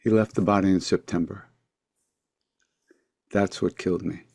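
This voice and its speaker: An older man, telling a story as a podcast guest, reflective, with quiet asides trailing off. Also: deep voice, steady tone, moderate pace, dry recording, clean studio sound. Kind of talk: storytelling in a conversation.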